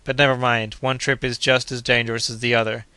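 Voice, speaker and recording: A man voicing a skeptical, stubborn gentleman hunter who refuses bluntly and doubts everything in an audiobook. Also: mid-range voice, little pitch movement, a little fast, smooth, no echo.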